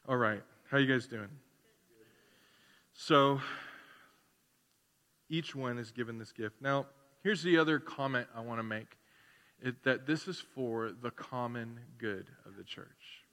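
A man's voice: mid-range voice, fairly bright tone. A man preaching a sermon to his church in a loose, conversational way, full of fillers and acted-out asides. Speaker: pastor. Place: church sanctuary. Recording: long church hall reverb.

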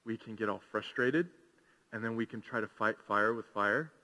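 A man's voice: lowish voice, moderate pace, bright, forceful tone. A man preaching a sermon, conversational and full of rhetorical questions. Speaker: pastor. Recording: long hall reverb.

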